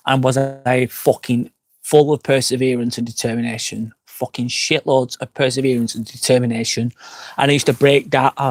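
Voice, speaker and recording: A man's voice: mid-range voice, dry recording. A man from England, a little tipsy, chatting casually on a live stream, reading out viewer comments and going off on profane, rambling rants. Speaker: vlogger hosting a live stream. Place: outdoors by a fire pit at a glamping site.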